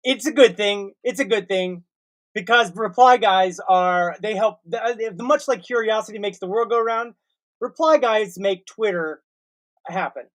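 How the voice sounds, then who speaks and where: A man's voice: sits high, normal speed. A man hosting a casual online chat, rambling and often laughing at himself. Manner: laughing, rambling, self-mocking. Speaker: host.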